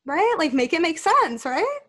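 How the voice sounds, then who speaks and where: A woman's voice: very high-pitched, sing-song, measured pace, fairly bright tone. A woman trading sassy, mocking taunts as a player in a fan-made reality game roleplay. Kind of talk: trash-talking banter.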